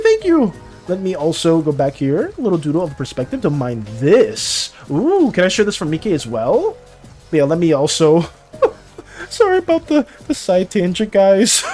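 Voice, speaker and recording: Excitable young man ranting while streaming. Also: sits high, normal speed, soft background music. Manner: excitable ranting, stammering restarts, frequent laughter. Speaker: art streamer. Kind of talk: casual live-stream chat.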